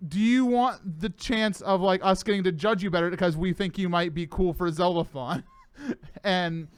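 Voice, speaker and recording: A male host with a high voice, recorded bone-dry and close. He chats casually and gets excitable, laughing easily between lines. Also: moderate pace, clear, resonant tone, dry recording. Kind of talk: casual chat.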